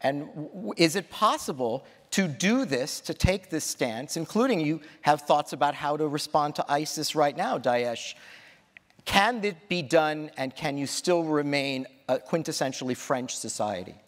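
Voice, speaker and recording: A man moderates a public interview on stage and asks long, articulate questions in an animated way. His voice is a little high, and the long reverb of a large auditorium carries it. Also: a little slow.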